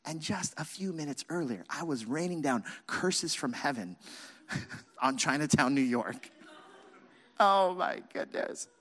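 A man preaching as a pastor, telling a self-mocking personal story with lively, animated delivery. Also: a little high, a little slow. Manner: animated, self-mocking, acts out his own past shouting. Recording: reverberant hall.

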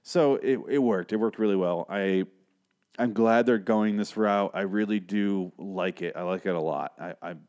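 A man's voice: lowish voice, moderate pace, darkish tone. Rambling, profane man recapping an episode. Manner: rambling, profane, argumentative asides. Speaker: podcast host.

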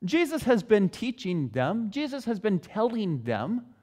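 A man preaching a sermon, telling the story with expressive delivery. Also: sits high, a little slow.

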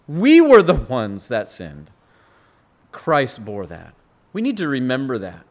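A man preaching a sermon, earnest and expository, rising to emphatic peaks and often restarting his words. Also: a little high. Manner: frequent restarts and repeated words.

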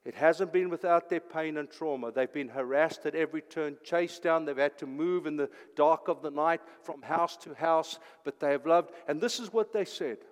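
A high-voiced older man delivers an impassioned sermon from the pulpit. He swings between loud, urgent declarations and hushed, almost whispered phrases. His voice carries a long reverb from the church hall. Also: moderate pace, few pauses. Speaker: pastor.

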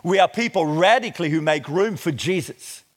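A middle-aged man preaching a sermon, reading scripture slowly and with emphasis before explaining it. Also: fairly high pitch, expressive. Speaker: pastor.

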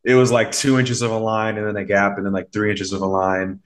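Guy with a lowish voice on a podcast, rambly casual storytelling, lots of "like" and "you know". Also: flat delivery, brisk. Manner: loose and rambling, many fillers, acts out quoted voices. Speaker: mindset coach, podcast guest.

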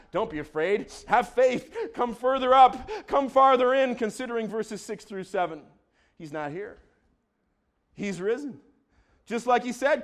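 High-voiced, exuberant male preacher. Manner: exuberant preaching with shouted calls and joking asides. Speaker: pastor. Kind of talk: sermon.

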